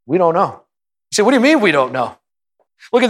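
Man, pastor, impassioned sermon, higher-pitched, echoing auditorium. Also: sing-song, fairly quick, a bit bright. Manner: impassioned preaching, rising to high emphatic peaks. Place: church auditorium. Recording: long hall reverb.

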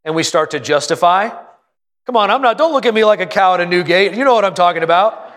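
A man preaching a sermon to his congregation in a folksy, joking way, often asking them questions and stressing key phrases slowly. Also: high-pitched, lively intonation, fairly bright tone. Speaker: pastor.

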